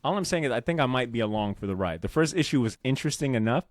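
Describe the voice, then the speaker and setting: A man co-hosting a comics podcast, talking in a rambling, animated way with lots of fillers and casual swearing. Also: mid-range voice, very fast, dry recording, studio quality. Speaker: podcast co-host. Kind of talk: casual chat about comics.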